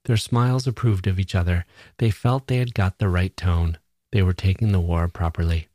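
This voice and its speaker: A man reading a literary short novel aloud in a measured, even way. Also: deep voice, dry recording, studio quality. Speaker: audiobook reader. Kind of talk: literary story narration.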